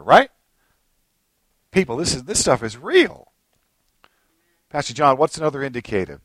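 A man preaching a sermon as pastor, animated, swinging between low asides and high excited bursts and acting out little scenes. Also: moderate pace, long pauses, dry recording.

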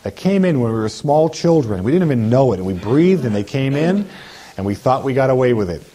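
A man's voice: medium pitch, big pitch swings, fairly quick, warm tone. A man leading a deliverance prayer, commanding spirits to come out and mimicking the voices of sinners in between. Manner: commanding, repetitive, slips into mocking voices of sinners. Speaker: deliverance minister.

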